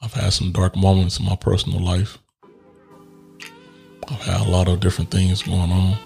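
A man's voice: low voice, level tone, normal speed, creaky, darkish tone, soft background music. A man telling a personal story in a candid, reflective way, laughing often and swearing casually as he works through grief. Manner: reflective and grieving.

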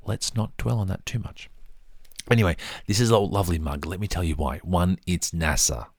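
A man's voice: low-pitched, moderate pace, no echo, clean studio sound. A man talking casually through his mug collection in a rambling, self-deprecating way. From Australia. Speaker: vlogger. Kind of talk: casual show-and-tell monologue.

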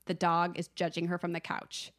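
A woman's voice: lowish voice, monotone, moderate pace, fairly bright tone. Chatty young woman recapping a movie. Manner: chatty, lots of "like" fillers, recounting scenes. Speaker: podcast co-host. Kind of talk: casual movie recap chat.

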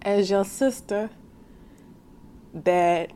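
A woman's voice: mid-range voice, extremely slow, mellow, smooth. A woman hosting a devotional podcast who talks straight to her listeners in a slangy, heartfelt way. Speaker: faith podcast host. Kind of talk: casual devotional podcast monologue.

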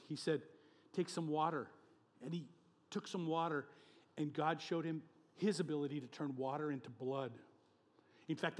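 Animated preaching man in a reverberant hall. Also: on the high side. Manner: animated, emphatic, chuckles between points. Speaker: pastor. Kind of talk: sermon.

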